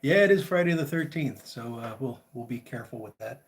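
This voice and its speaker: A man's voice: mid-range voice, brisk, a little hiss or hum. A man chatty livestream host. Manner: chatty, greets viewers by name, relaxed and friendly. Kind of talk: casual live chat.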